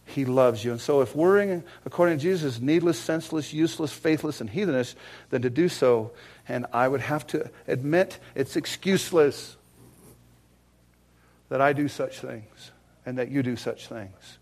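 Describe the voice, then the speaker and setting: A man preaching a sermon in a folksy way, swinging from hushed asides to loud, fervent passages. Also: mid-range voice, normal speed. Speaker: pastor.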